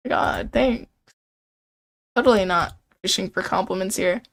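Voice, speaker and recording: A woman's voice: mid-range voice, a little slow, gravelly. A woman streaming a game, reading its lines and reacting in a casual, self-mocking way. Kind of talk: game commentary reading dialogue.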